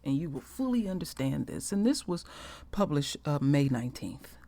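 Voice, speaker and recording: A woman hosting her own channel, talking softly and chattily to her viewers. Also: deep voice, very animated, normal speed. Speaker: channel host. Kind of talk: casual commentary.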